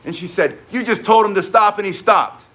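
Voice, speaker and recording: Male self-defense instructor, high-pitched, blunt, emphatic, for casual teaching talk. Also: brisk. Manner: emphatic, blunt, animated storyteller. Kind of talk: casual spoken teaching with stories.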